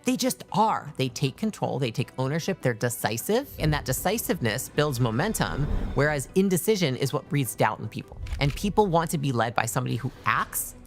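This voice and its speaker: A woman's voice: extremely low pitch, big pitch swings, a little fast, few pauses, faint music behind. A woman giving direct, emphatic leadership advice in a motivational talk, acting out examples as she goes.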